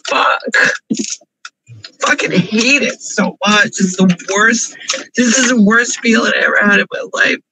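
A man's voice: high voice, a little slow, pushed and bright, slight background noise, rough recording. A man crying through an emotional confessional vlog, pleading and repeating himself over and over from his parked car. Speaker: vlogger.

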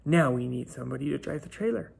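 A man's voice: medium pitch, animated, fast talker, gravelly, a little mellow, husky, full character voice. A man doing a kind old fairy godmare. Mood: gentle.

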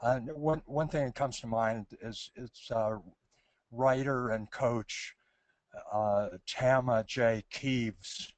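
A man's voice: mid-range voice, fairly even intonation, slow, dry recording. A man presenting on creativity, answering audience questions in a hesitant, thoughtful way with many restarts. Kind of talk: thoughtful Q&A talk.

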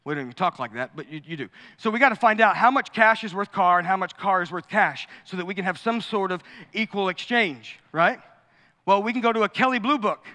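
A man preaching a sermon as pastor, animated and joking, acting out quotes and asides. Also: high voice, brisk. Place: large church sanctuary. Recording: long hall reverb.

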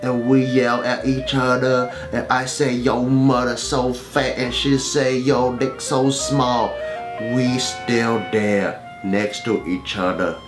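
A man's voice: mid-range voice, little pitch movement, over music, close to an everyday voice. A man doing a doting immigrant dad. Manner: broken English, slow and doting. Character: sweet-talking middle-aged immigrant father.

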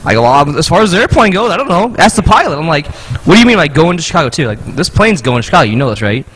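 A man with a high, bright voice that has a husky edge co-hosts a casual podcast. His pitch jumps around a lot as he cracks jokes. He reacts fast to the others. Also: big pitch swings, low-quality recording. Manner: jokey, quick to react. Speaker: podcast co-host. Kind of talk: casual chat.

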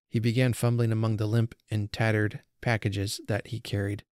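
A man's voice: on the low side, little pitch movement, normal speed, few pauses, a little mellow, dry recording. Man narrating a storybook, dry sound. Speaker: podcast host. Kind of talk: storybook reading.

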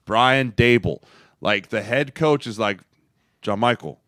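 A man's voice: medium pitch, a little slow, no echo, clean studio sound. A man co-hosting a football podcast, a former lineman turned agent, telling stories in casual chat and acting out the voices he quotes. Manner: animated storyteller, acts out quoted voices.

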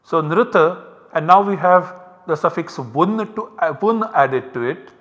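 A man giving a university lecture, explaining step by step in a slow, methodical way. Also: a little high, lively intonation, a bit bright, long reverb tail, highs cut off.

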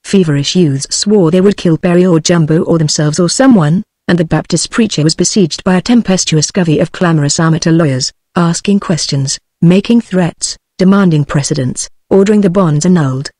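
A text-to-speech woman's voice with a British English accent, reading a novel aloud in an even, machine-read narration without character voices. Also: fairly low pitch, brisk, few pauses, dry recording, studio quality. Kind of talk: synthetic audiobook reading.

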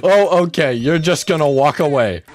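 A man's voice: a little high, lively intonation, normal speed. A man commentating his own gameplay, exclaiming and mocking himself as he complains. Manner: exclaiming, self-mocking, complains while playing. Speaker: gaming YouTuber. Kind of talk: let's play commentary.

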